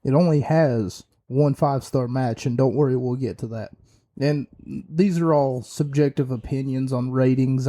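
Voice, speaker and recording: Man, podcast host, very dark mellow voice, slow rambling review. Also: medium pitch. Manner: rambling, many fillers and restarts, opinionated. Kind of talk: casual wrestling review.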